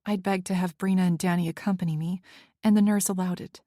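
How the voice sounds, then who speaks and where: A woman's voice: fairly low pitch, fairly even intonation, quick pace, mellow, no echo, clean studio sound. A woman narrating a first-person romance audiobook in an earnest, anxious storytelling manner.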